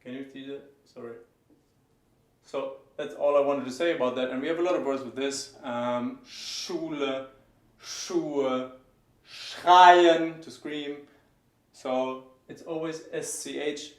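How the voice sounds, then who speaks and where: A man teaching German pronunciation, explaining each sound and slowly repeating example words. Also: medium pitch, fairly even intonation, echoey room. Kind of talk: pronunciation lesson.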